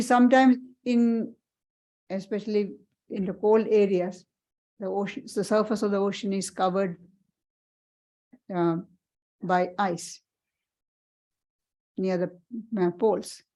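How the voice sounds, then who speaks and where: In a low-quality recording, a woman monastic teacher with a medium-pitched, dark voice delivers a spiritual parlour talk. She speaks earnestly but haltingly, frequently repeating herself and restarting phrases.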